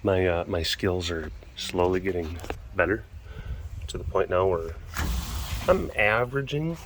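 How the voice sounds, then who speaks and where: Filming on a phone held close, a man vlogs at a big cat compound, shooting through a glass door and rambling casually with chuckles and self-deprecating remarks. His voice is low-pitched and a little slow, with slight background noise.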